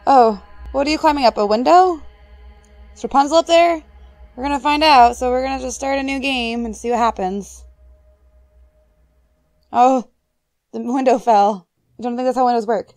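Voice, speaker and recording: A woman's voice: fairly high pitch, a little mellow, dry recording. A young woman playing through a horror game demo, chatting, reacting and talking to things she finds on screen. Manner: chatty, jumpy, talks to objects on screen. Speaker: gaming YouTuber. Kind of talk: horror game let's play.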